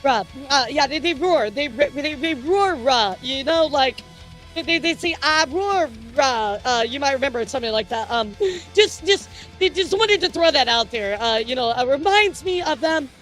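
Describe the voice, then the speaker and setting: A woman hosts a casual streamer news show, chatting straight to her audience. Her voice sits high, and she rambles, jokes and trips over her words with plenty of fillers. Faint music plays underneath. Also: lively intonation, normal speed, fairly bright tone. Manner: rambling, jokey, lots of fillers and restarts. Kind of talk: casual news commentary to chat.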